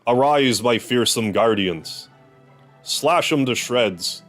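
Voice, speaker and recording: A man reading out a video game's blustering male fiend boss, putting on a gruff, sneering impression. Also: mid-range voice, expressive, takes it slowly, a bit bright, faint music behind. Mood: commanding.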